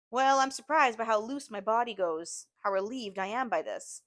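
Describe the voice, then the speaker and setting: A woman teacher reading a novel aloud to her class, steady and expressive. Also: mid-range voice, normal speed, hardly any pauses, no echo, clean studio sound.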